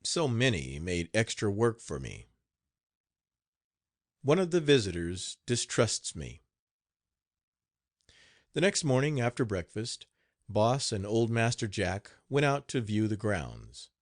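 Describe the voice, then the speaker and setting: Man, audiobook narrator, low voice, expressive reading, dry recording. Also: slow pace, pauses often, dry recording.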